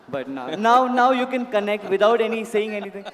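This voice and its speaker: A man's high, fairly bright voice swings widely in pitch at normal speed as he performs stage magic in a large club-event hall. He uses a handheld mic and politely coaxes volunteers, addressing them as sir and ma'am.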